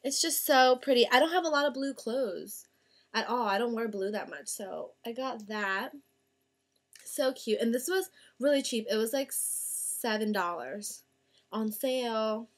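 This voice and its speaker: A young woman vlogger chatting casually through a shopping haul, gushing over her finds with drawn-out words. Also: fairly high pitch, animated. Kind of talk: casual haul video chat.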